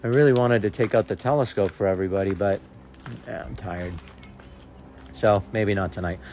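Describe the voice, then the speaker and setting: A man's voice: lowish voice, moderate pace, a little mellow, slight background noise. A man, a social media creator, ranting to camera in an indignant, sarcastic way and repeating his challenges.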